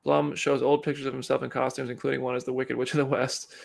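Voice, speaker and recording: A man's voice: mid-range voice, flat delivery, fast, gravelly. Chatty man hosting a live stream. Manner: chatty, reads chat and news aloud. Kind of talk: casual live commentary.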